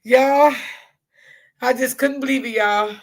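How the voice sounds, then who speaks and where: A woman hosting a casual livestream commentary channel, talking straight to her chat, loud, profane and often laughing. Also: sits high, animated, a little slow.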